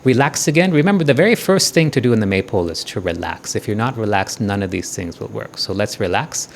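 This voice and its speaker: A man giving a devotional talk and guided meditation, speaking gently and often checking in with listeners. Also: fairly low pitch, animated, gravelly, a little hiss or hum. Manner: slow, soothing meditation guidance. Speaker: spiritual teacher.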